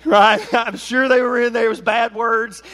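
A man preaching an animated sermon as pastor, joking and swinging between loud and soft. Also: very high-pitched, moderate pace.

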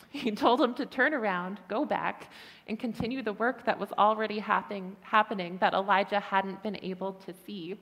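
A woman giving a gentle, earnest sermon, telling a story with touches of light humor. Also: medium pitch. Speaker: preacher. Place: church hall. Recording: long hall reverb.

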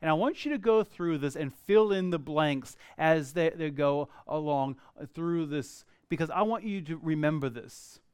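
A man's voice: fairly high pitch, moderate pace, hardly any pauses, a little mellow, smooth, no echo. A pastor addressing his congregation directly, telling them what to do next. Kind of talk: sermon. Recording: dry close recording.

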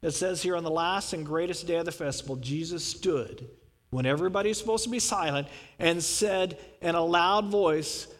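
A man's voice: fairly high pitch, normal speed, long reverb tail. A male pastor preaching a sermon, dramatically acting out the scripture he quotes.

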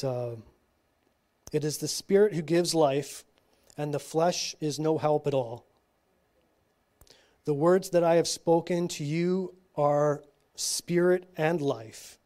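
A man reading scripture slowly at a church teaching, breaking off for casual asides and frequent checks like "okay?". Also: on the high side, fairly even intonation, darkish tone. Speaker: Bible study teacher.

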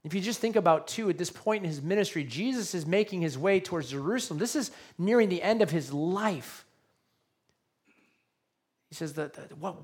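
A man's voice: high-pitched, animated, moderate pace, slightly rough. A male pastor giving a sermon, earnest and repetitive, often checking in with his listeners by asking questions.

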